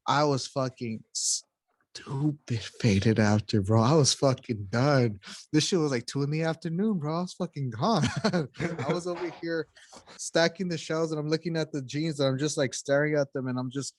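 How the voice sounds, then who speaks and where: A man's voice: fairly high pitch, moderate pace. A young man co-hosting a podcast, telling casual stories to his friends in a loose, profane way and laughing as he goes. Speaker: podcast co-host. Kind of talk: casual storytelling among friends.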